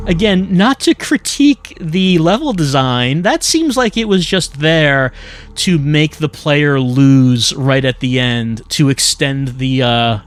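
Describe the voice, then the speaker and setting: A man giving sarcastic, joking commentary while playing a video game. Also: mid-range voice. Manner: sarcastic, self-mocking jokes. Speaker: let's play commentator. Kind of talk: casual gameplay commentary.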